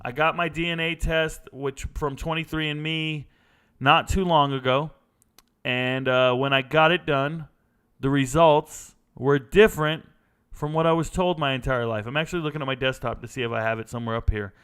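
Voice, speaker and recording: A man with a smooth, resonant voice hosts a casual sports livestream. He talks straight to his viewers, blunt and slangy, and tosses out quick takes as he reads their questions. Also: a little high, steady tone, fairly bright tone. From United States. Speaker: sports show host.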